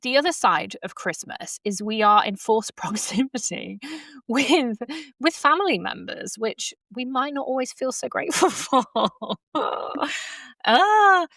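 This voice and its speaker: A woman's voice: on the high side, expressive, unhurried, a bit bright, no echo. A woman hosting her own coaching podcast from home, talking casually with many fillers and frequent laughs. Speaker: podcast host and horsemanship coach. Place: at home in front of a laptop. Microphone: laptop podcast mic.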